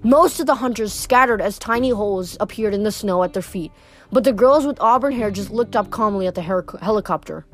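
A woman's voice: medium pitch, brisk, faint music behind. A woman reading a novel aloud, stumbling and correcting herself now and then. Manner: casual, stumbles and self-corrects. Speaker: reader.

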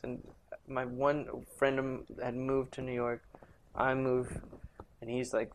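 A man's voice: medium pitch, flat delivery, moderate pace, vocal fry, a little hiss or hum. A man who is a musician, chatting on a podcast and telling loose, rambling stories. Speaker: guest musician. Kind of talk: casual podcast chat.

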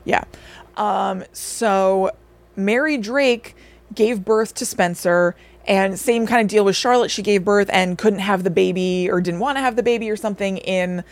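A woman's voice: mid-range voice, measured pace, no room sound. A young adult woman co-hosting a podcast, eagerly recapping a story in casual chat and acting out bits of dialogue. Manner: animated plot recap with acted-out quotes. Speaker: podcast co-host.

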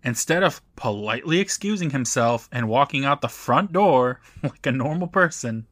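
A man's voice: medium pitch, animated, normal speed, a bit bright, dry recording, studio quality. A man co-hosting a podcast, wryly recapping a TV episode and laughing often as he talks. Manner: wry, laughs often, acts out quotes. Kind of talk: casual chat, recapping a TV episode.

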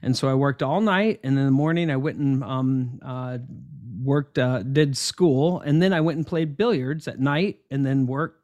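Interviewed about his path as an entrepreneur, a man tells stories casually and animatedly, full of ums and restarts. His voice is medium in pitch at a moderate pace, and the audio sounds dull.

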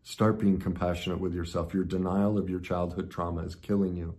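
Middle-aged male speaker, very low voice, earnest motivational talk that surges loud then drops to a hush. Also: little pitch movement, fairly quick. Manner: swings from loud intensity to hushed reflection. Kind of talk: personal story talk.

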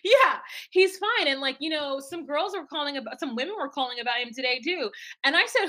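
A woman co-hosting a casual podcast, recapping a reality show in an animated way, laughing and acting out quotes. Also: high voice, fairly quick. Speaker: podcast co-host.

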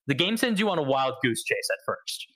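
A young man hosting a casual podcast, telling stories in an animated way and acting out quotes. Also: mid-range voice, a little fast, low-quality recording. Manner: animated storyteller who acts out quotes. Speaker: podcast host.

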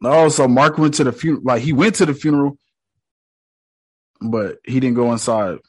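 A man's voice: mid-range voice, moderate pace, no room sound. A man giving casual, slangy reaction commentary, talking back at what he watches with a blunt, running manner. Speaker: reaction video host.

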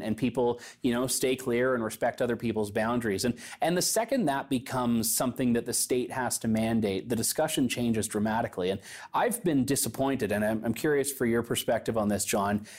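A man's voice: mid-range voice, a little mellow. Conversational male interviewer. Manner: conversational, halting, thoughtful. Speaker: show host, interviewer.

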